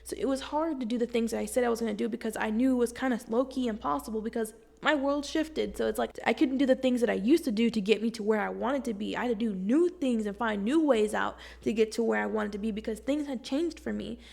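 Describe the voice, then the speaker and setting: A young woman talks straight to the camera at home, blunt and slangy, swearing freely as she gives self-help advice. Her voice sits a little high and crackles with strong, gravelly fry. She sounds animated and casual, like she is talking to a friend. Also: quick pace, few pauses. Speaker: vlogger.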